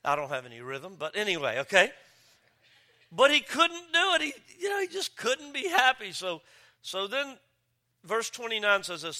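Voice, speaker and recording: A man preaching a sermon as pastor, joking and telling stories with lively delivery. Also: high-pitched, normal speed. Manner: joking, animated storytelling with voices. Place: church campus.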